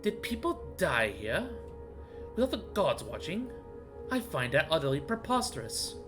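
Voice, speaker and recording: Lively man streaming a game. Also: fairly high pitch, normal speed, music in the background. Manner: muses aloud, reads game text; greets chat warmly. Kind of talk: live gaming commentary.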